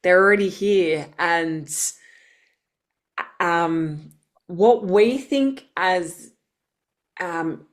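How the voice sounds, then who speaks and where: A woman's voice: lowish voice, drawn-out words, pauses often. A woman from Australia, a psychic medium guest, speaking in a hesitant way and searching for her words. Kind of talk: casual interview talk.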